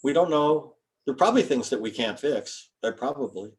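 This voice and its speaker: Students hear from an older chiropractor giving an informal guest lecture, folksy and rambling, with terms spelled out. He speaks a little fast in a medium-pitched, expressive voice.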